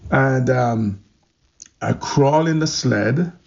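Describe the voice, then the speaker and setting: Gravelly man telling a story. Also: medium pitch, very slow, muffled recording. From Jamaica. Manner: animated, vivid storyteller. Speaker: interview guest. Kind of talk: storytelling interview.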